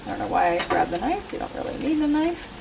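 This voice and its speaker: A young woman chats casually as she cooks in her home kitchen, joking at her own expense and laughing often. Her voice sits a little high. Clear frying sizzle runs under her talk. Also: very animated, fast, noisy background. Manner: chatty and self-mocking, laughs often. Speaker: home cooking vlogger. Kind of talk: casual cooking vlog chat. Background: sizzling and stirring from the pan.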